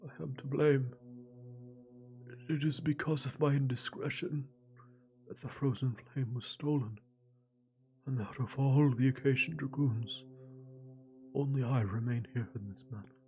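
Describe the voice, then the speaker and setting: A man voicing a senile, guilt-ridden old knight in a dramatic reading of a text game, with a faint, slow, wavering voice. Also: mid-range voice, a little mellow, soft background music, lightly acted. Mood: dazed.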